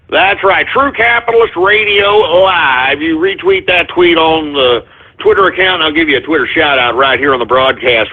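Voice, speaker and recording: A man's voice: on the high side, breathy edge. Ranting male radio host on a tinny line. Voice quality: loud, animated and emphatic, with insults and swearing. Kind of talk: ranting call-in radio monologue. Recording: tinny phone-line quality.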